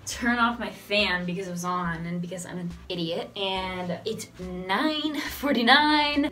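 Late at night in her dorm room, a young woman rambles casually to her camera, giggling, swearing, and sounding tired, her voice cracking. Her pitch is fairly high and her tone fairly bright. The camera sits at a distance, picking up faint music and slight background noise.

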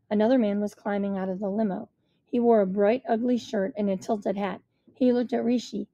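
A woman reading a first-person children's storybook aloud in a measured storytelling manner. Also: mid-range voice, fairly even intonation, warm tone, no room sound, dull audio. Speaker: audiobook reader.

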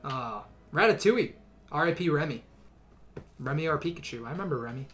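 A young male streamer talks through his game casually, rambling and filling gaps with "uh" and "like." His voice is bright and a touch high. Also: animated, fairly quick, faint music behind. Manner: rambling, full of fillers. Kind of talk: casual gameplay commentary.

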